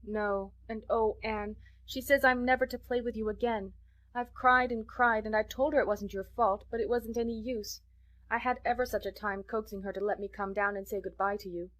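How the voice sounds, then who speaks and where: A woman voicing a gentle young girl who speaks tearfully and earnestly. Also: mid-range voice, fairly even intonation, moderate pace, close to an everyday voice.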